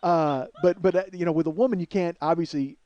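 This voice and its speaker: A man hosting a comedy podcast, riffing through a profane, animated monologue. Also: fairly high pitch, fairly quick, muffled recording.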